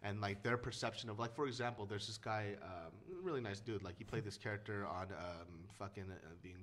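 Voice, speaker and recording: A man in a casual podcast chat talks quickly, piling up fillers and restarts as he makes his points. His voice sits on the lower side, and he leans hard on the words he wants to stress. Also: steady tone, fairly bright tone. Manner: fast, rambling, emphatic with frequent fillers. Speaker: guest filmmaker.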